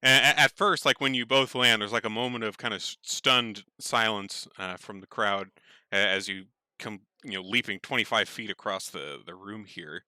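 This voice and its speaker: Bright, crisp-voiced casual game master man. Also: lowish voice, moderate pace, no echo. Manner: casual, rambling with many fillers, laughs easily. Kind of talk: narrating a tabletop game online.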